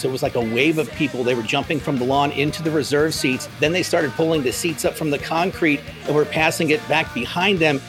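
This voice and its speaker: A man hosts a casual music podcast. His voice sits a little high for a man, and he tells long relaxed stories from memory. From Phoenix area, United States. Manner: relaxed storytelling, reminiscing. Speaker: podcast host.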